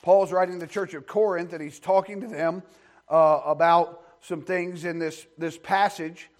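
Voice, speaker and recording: A man's voice: sits high, fairly even intonation, moderate pace. A man preaching an earnest sermon in church, repeating key phrases for stress. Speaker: pastor.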